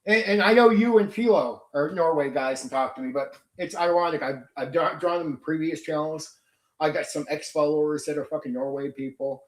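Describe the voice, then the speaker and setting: A middle-aged man with a voice on the high side talks a little quickly, his words reverberating around the room. As host of a casual ranting livestream, he vents without holding back and curses heavily.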